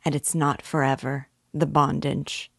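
A woman's voice: low voice, level tone, measured pace, vocal fry, slightly rough, no room sound, clean studio sound, full character voice. A woman reading the lines of a persuasive middle-aged male police investigator, in an insistent, fatherly manner. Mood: earnest.

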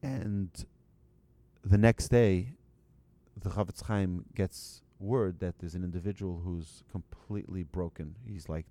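Halting, conversational male storyteller. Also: deep voice, fairly even intonation, warm tone, dry recording. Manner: conversational, halting restarts, light asides to the audience. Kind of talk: storytelling talk to an audience.

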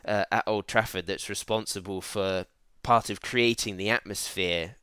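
A man talking in a measured, casual way, with hesitant fillers. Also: lowish voice, fairly even intonation, bright, forceful tone, clear, resonant tone, no echo. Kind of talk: casual chat.

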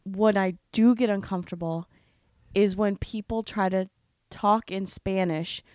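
A woman's voice: medium pitch, steady tone, measured pace, a little mellow, no room sound. American woman podcasting, blunt and wry, dry mic. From United States. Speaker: podcast co-host. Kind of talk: casual chat.

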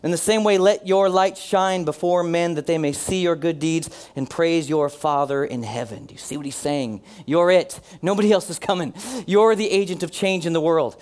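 Earnest, fairly high-voiced male preacher. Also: darkish tone, clear, resonant tone. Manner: earnest preaching, slows and drops his voice for emphasis; leads the congregation in call-and-response. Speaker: pastor. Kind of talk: sermon.

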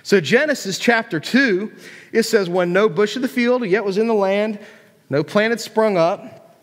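A man's voice: high voice, unhurried. A man preaching a casual, joking sermon to a young group, often restarting his sentences. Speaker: youth pastor. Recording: long hall reverb.

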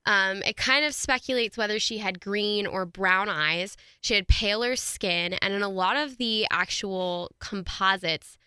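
A woman talks through a true-crime case in a casual, chatty way and laughs often. Her voice is bright and forward. The sound is dry and close, with no room around it. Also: mid-range voice, measured pace, few pauses, smooth, dry recording. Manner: chatty, laughs often, reads quotes aloud. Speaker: podcast co-host.

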